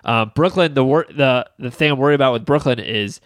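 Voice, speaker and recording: A young man of medium pitch talks candidly in a relaxed podcast chat. The recording is dry and close, with no reverb. He speaks openly, like a father sharing everyday family life. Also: a little fast. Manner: candid, chatty. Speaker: podcast co-host. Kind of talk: casual chat.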